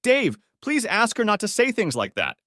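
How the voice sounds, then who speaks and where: A man's voice: fairly high pitch, very animated, moderate pace, a bit bright, no room sound, clean studio sound, pitched above the performer's own voice. A man voicing a desperate wife who was caught cheating, pleading tearfully with her husband.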